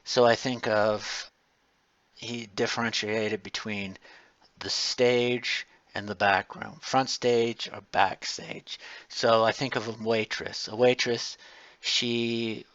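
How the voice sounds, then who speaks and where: A man's voice: fairly low pitch, little pitch movement, slow pace, fairly bright tone, no echo, muffled recording. A male college lecturer giving a casual, digressive class lecture full of personal stories.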